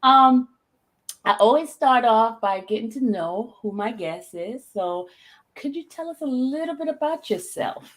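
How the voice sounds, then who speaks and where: A woman's voice: on the high side, animated, a little slow. Chatty woman hosting a live stream. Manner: chatty, laughs easily. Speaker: host. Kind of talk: casual live-stream interview.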